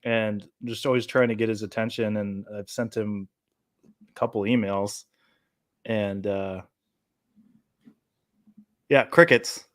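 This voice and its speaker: A podcast host tells a story in casual conversation, animated and laughing often as he acts out quotes. His voice is lowish and a little slow, and there's no room sound.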